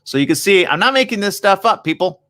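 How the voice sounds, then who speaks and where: A man's voice: high-pitched, expressive, fast, pushed and bright. A man hosting a live morning show, reading news items aloud and adding chatty, wry asides. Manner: chatty, wry asides between read passages.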